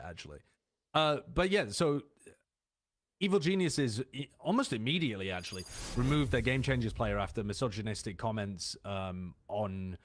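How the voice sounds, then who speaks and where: A man hosts a casual gaming podcast, working through his points with plenty of fillers and restarts. He speaks at an ordinary pitch and swears now and then. Game gunfire can be heard clearly behind him. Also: background noise. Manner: hesitant, many fillers, swears. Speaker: podcast host. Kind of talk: casual chat. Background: video game gunfire.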